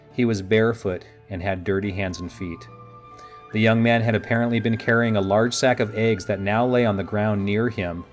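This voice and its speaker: A man narrates a fantasy story in a low, measured voice. Faint music plays under his reading. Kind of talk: audiobook narration.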